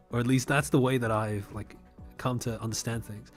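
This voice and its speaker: A man's voice: medium pitch, brisk, faint music behind. A young man from Australia whose first language is Mandarin, chatting casually on a live stream, laughing often and reading out chat messages.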